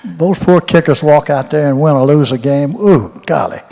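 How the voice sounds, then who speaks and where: A man's voice: fairly high pitch, normal speed, vocal fry, mellow. A man, a retired football coach telling rambling, folksy stories and repeating his words at a Q&A. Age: 80s. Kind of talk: storytelling in a Q&A. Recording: roomy hall reverb.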